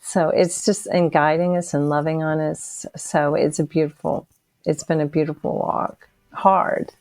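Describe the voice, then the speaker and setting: Podcast guest: a woman in her sixties with a low, gravelly voice, halting and emotional as she tells her testimony. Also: level tone, darkish tone, dry recording. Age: 60s. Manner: halting and emotional, with frequent restarts. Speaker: interview guest. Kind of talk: personal testimony in a podcast interview.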